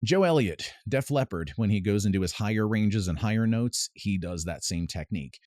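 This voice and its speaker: Low-voiced man teaching singing. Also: expressive, normal speed, darkish tone, no echo, studio quality. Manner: pedantic, explains with sung demonstrations. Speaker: vocal coach. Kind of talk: casual vocal lesson. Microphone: close mic with added reverb at times.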